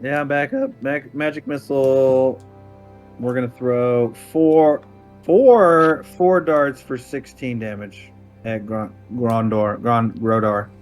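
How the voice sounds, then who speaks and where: A man playing a tabletop game who talks haltingly and stumbles over his words. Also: medium pitch, fairly even intonation, faint music behind. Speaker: player.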